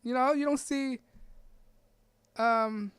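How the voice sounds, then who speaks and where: A woman with a fairly high voice hosts a podcast monologue, pressing her points with repeated rhetorical questions. Her delivery is emphatic, and she often tags a line with a quick check for agreement. The sound is close and dry, with no room echo. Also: fairly even intonation, clean tone. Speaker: podcast host. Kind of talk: opinion monologue.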